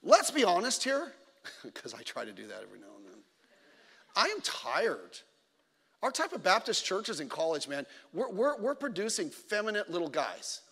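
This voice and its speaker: A man preaching a sermon in a church auditorium, animated and storytelling, swinging between loud exclamations and quiet asides as he acts out other people's lines. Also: sits high, normal speed, slightly rough, in a large hall.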